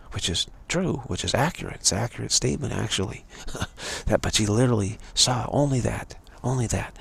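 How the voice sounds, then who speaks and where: A spiritual teacher delivers a rambling talk on a live stream, earnest but repetitive, frequently stumbling and restarting words. His voice is fairly low, creaky, slightly rough, and fairly bright in tone.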